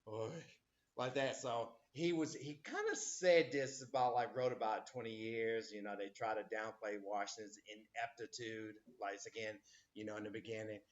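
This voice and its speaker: A man's voice: on the low side, moderate pace, muffled recording. A man teaching a history class, rambling with many fillers and acting out quotes as he lectures.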